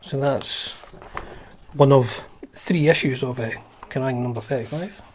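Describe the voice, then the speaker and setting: A man's voice: mid-range voice, unhurried, darkish tone, a little hiss or hum. A man hosting a guitar channel, chatting casually and wryly through old magazines, with lots of fillers and restarts.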